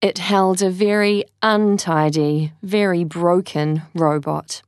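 A woman reading a children's story aloud, telling it in an expressive, unhurried way. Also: lowish voice, no echo, clean studio sound. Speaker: storybook reader.

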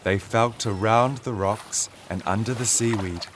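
A man's voice: on the low side, a little hiss or hum. A man reading a children's story aloud as narrator. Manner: slow, animated storytelling.

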